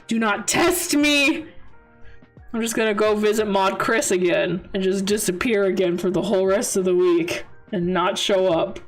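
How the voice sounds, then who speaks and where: A woman streaming a game, chatting casually in a playful, exasperated way and laughing often. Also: on the high side. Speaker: VTuber streamer. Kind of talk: casual gaming livestream chat.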